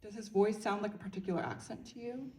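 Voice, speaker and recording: A woman interpreting Korean into English at a film Q&A, speaking clearly and evenly. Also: mid-range voice, quick pace, warm tone, recorded from a distance. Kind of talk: consecutive interpreting.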